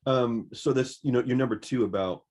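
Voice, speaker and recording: A man's voice: mid-range voice, fairly quick, darkish tone. A man hosting an interview as an editor, asking loose, rambling questions that restart as he thinks aloud.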